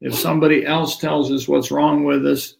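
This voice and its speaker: A man teaching yoga philosophy in a relaxed conversational way, acting out little dialogues as he explains. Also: a little high, normal speed, vocal fry. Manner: animated, acts out little dialogues.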